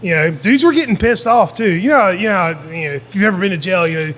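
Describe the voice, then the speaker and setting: A man's voice: high voice, lively intonation, quick pace, a bit bright, long reverb tail. A man in a casual chat, talking loosely with laughs and swearing. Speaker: band member. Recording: faint background noise.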